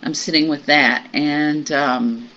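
A group member sharing personal news in a meditation group, halting and reflective, with many pauses and fillers. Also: medium pitch, fairly even intonation, pushed and bright. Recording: muffled recording with faint hiss.

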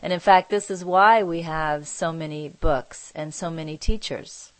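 Low-voiced woman teaching slowly. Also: dry recording, poor audio. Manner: measured, thoughtful, pauses to search for words. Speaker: spiritual teacher leading an online group. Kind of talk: reflective spiritual teaching.

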